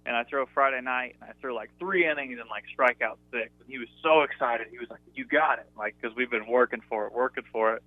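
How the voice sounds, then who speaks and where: A young man speaks as an interview guest on a phone call, his voice thin and boxed-in, with no room around it. He rambles happily, full of fillers, often laughing as he tells his stories. His pitch sits in the middle. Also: quick pace, hardly any pauses, no room sound. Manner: chatty, many fillers, laughs through stories. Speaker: guest, former college pitcher. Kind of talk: casual interview storytelling. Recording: dry tinny phone line.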